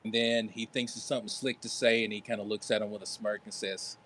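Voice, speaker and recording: A man's voice: fairly low pitch, flat delivery, fast, a bit bright, slight background noise. A man playing a tabletop game, describing his character in a laid-back, hesitant way. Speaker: player.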